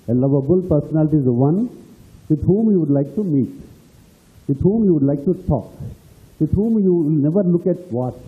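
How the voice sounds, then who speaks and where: Indian guy giving a pep talk to students, bit high voice, sounds like it's coming through a phone. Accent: Indian English. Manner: storytelling, acts out dialogue in anecdotes. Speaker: speaker at a university celebration. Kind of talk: motivational speech to students. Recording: tinny phone-like lo-fi audio.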